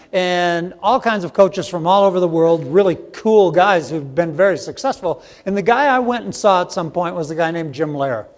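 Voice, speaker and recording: A man's voice: on the high side, a little mellow. A middle-aged man giving a live training seminar, joking and quizzing the audience, recorded in a conference hall. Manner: jokey, interactive with the audience. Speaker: seminar presenter. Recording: long hall reverb.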